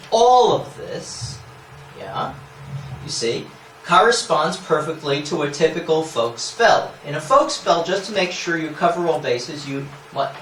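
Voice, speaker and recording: A man's voice: on the high side, vocal fry, fairly bright tone, slight background noise. A man giving an academic lecture, explaining scholarly points with asides and frequent "yeah?" checks to the audience. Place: lecture hall. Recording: echoey lecture hall, mic at a distance.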